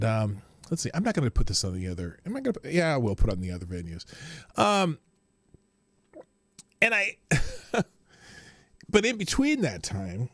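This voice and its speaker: A man hosting a casual live stream, rambling about his day and greeting viewers by name. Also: lowish voice. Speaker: livestream host.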